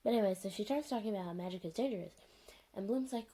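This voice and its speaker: A woman's voice: medium pitch, fast talker, dark tone. A young woman vlogger reviewing a show in a rambling, sarcastic, unscripted rant full of fillers.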